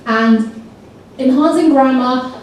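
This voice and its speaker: A woman presenting a teacher training seminar in a lively way, coaxing the audience to repeat words aloud. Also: sits high, takes it slowly, slight background noise. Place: large echoey hall. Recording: echoey hall recording from far off.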